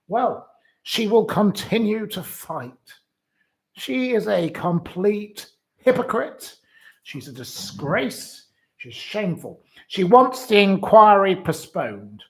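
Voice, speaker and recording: A man hosting a solo news commentary with a fairly high voice. He talks at an unhurried, deliberate pace, and his delivery is indignant and scornful, full of insults. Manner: reads out quotes and then rebuts them. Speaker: host.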